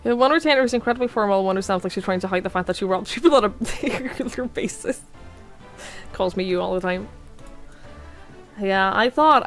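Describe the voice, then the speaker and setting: A woman streamer chatting playfully with her viewers while playing a game. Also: medium pitch. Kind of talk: casual game livestream chat.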